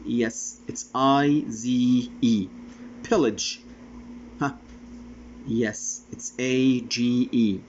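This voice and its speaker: Slow, deliberate man teaching spelling. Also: medium pitch, fairly even intonation, darkish tone, dull audio, a little hiss or hum. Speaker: English teacher. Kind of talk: classroom vocabulary lesson.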